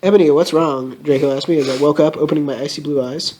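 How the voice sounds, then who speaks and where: A young man giving a comedic, mock-melodramatic reading of a fan story, with shrill put-on outbursts. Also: fairly even intonation, quick pace, a little mellow, slight background noise.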